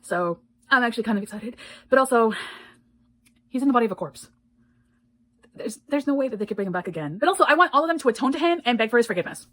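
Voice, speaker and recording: Fast-talking, profane woman reviewing a book. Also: fairly high pitch, animated, fairly bright tone, low-quality recording. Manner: blunt and profane, swears freely; heated, indignant retelling of plot. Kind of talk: casual spoken book review.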